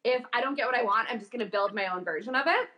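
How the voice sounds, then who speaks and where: A young woman talks as a guest in a relaxed interview. She tells her stories in an animated, chatty way, with lots of fillers along the way. Her voice sits somewhat high and sounds bright and forward. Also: very fast. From Calgary, Canada. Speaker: guest, voice actor and coach. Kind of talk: casual interview chat.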